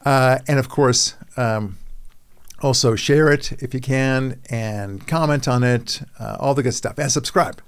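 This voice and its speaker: A middle-aged man hosting a talk podcast, with a gravelly edge to his medium-pitched voice. He chats casually and rambles, mocking himself and stumbling over repeated words as he goes. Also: measured pace. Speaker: podcast host. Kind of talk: casual chat.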